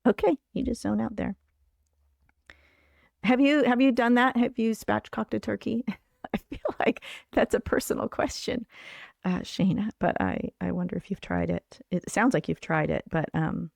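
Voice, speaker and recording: A woman's voice: medium pitch, moderate pace, gravelly, darkish tone, dry recording. Older female livestream host, chatty and rambling with lots of fillers; dry, close sound. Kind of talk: casual chat.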